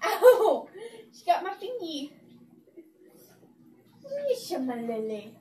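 A woman's voice: high voice, sing-song, takes it slowly, darkish tone, distant mic, slight background noise. Squealy young woman gushing over dogs. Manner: gushing baby talk, squeals and laughs. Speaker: vlogger. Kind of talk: casual vlog, talking to pet dogs. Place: indoors in a house.

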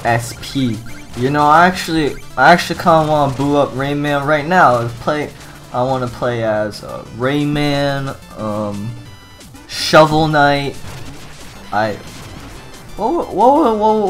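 A man talks over gameplay in a mid-range voice, rambling and deadpan. He stops and restarts often and fills the gaps with "uh" and "um". Faint music plays under his voice. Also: mid-range voice. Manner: deadpan absurd rambling, halting with many fillers. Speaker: gaming video narrator. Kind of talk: rambling comedic gameplay commentary.

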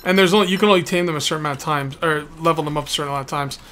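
A man's voice: on the high side, very fast, a bit bright, a little hiss or hum. A man playing along in a multiplayer game, chatting casually and asking lots of questions. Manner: curious, asks lots of questions. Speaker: co-player. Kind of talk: casual gameplay chat.

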